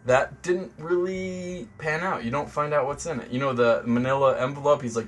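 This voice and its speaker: A man's voice: mid-range voice, normal speed, hardly any pauses. A man co-hosting a podcast, casually and hesitantly discussing a film. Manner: chatty, hesitant, trails off. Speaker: podcast co-host. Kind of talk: casual movie review chat.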